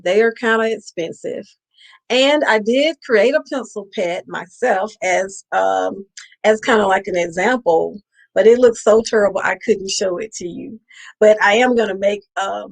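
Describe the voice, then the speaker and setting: Lady reading a kids picture book live, slow and easy, keeps asking the kids stuff. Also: mid-range voice, low-quality recording. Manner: playful, keeps asking the children questions. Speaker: host reading to children.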